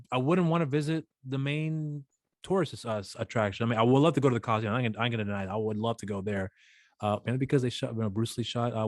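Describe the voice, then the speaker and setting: A man's voice: medium pitch, no echo, clean studio sound. A man co-hosting a podcast, chatting casually and telling a long rambling story with acted-out voices. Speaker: podcast co-host. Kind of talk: casual chat.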